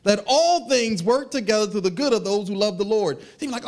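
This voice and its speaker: A man preaching a sermon in an animated, conversational way, acting out little asides. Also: high-pitched, a little fast. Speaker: pastor.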